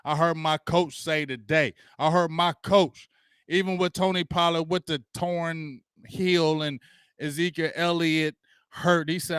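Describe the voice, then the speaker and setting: A man's voice: on the high side, steady tone, a little slow, fairly bright tone, clean tone, no room sound, clean studio sound. A man hosting a casual sports livestream, hyped and slangy, greeting viewers by name as they join. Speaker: sports talk livestream host.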